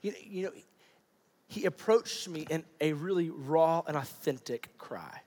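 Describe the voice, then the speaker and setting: A fairly high-voiced man in his thirties preaches by way of a personal story, casual and animated, scattering fillers as he goes. His voice carries a long reverb from a big hall. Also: a little slow. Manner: animated, conversational with many fillers. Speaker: pastor. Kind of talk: sermon storytelling.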